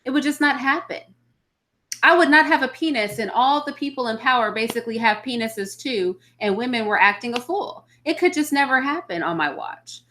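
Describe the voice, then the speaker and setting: Woman, bright sharp voice, fairly high pitch, blunt casual live chat, opinionated. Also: expressive, normal speed. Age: adult mother of children. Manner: blunt, opinionated, reads and answers viewer comments. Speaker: livestream host answering chat.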